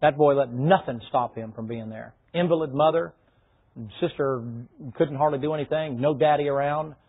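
A man preaches a sermon in a high, husky voice. His style is folksy, and he breaks into shouted bursts. The sound is thin and tinny, like a phone line. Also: steady tone, normal speed. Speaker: pastor.

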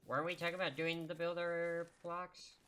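A man's voice: on the high side, little pitch movement, normal speed, pushed and bright, smooth. A man co-hosting a podcast while playing a video game, talking in an easygoing, plain-spoken way. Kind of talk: casual gaming chat.

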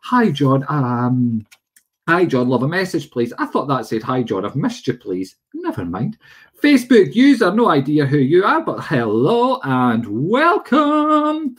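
A man's voice: on the high side, sing-song, moderate pace, husky. A man hosting a live psychic stream, chatting and greeting viewers by name. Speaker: psychic medium host. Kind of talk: livestream chat.

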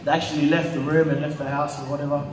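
A man preaches to a congregation in a relaxed, talky way, full of fillers and retold dialogue. His voice sits a little high. The sound comes from some distance in a strongly echoing hall. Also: fast talker. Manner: conversational, many fillers, retells stories with quoted voices. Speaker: pastor. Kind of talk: church teaching. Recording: echoey hall, distant mic.

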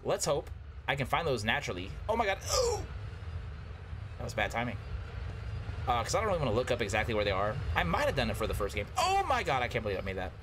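A man talks his way through a video game in casual commentary, muttering to himself. His pitch leaps wildly at close calls and drops low when he settles. A faint hiss sits under the recording. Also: huge pitch swings, quick pace. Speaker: gaming YouTuber.

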